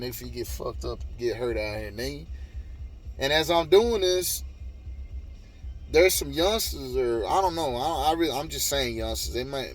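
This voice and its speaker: A man telling a heated, profane story in a casual monologue, repeating himself and swearing often. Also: medium pitch. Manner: profane, heated, repetitive retelling.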